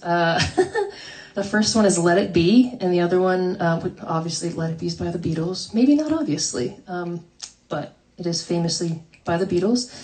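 A woman's voice: lowish voice, a little mellow, a little hiss or hum. Chatty woman musician, slightly distant mic. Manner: chatty and self-deprecating, laughs often. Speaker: singer-songwriter streaming live from home. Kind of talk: casual livestream chat between songs. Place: home, by a fire.

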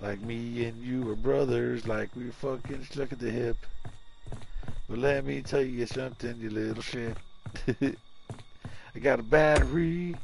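A young man giving profane, jokey live commentary while playing a horror game, yelling when startled and putting on silly voices for the killer. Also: medium pitch, vocal fry. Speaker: game streamer. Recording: noisy home stream audio.

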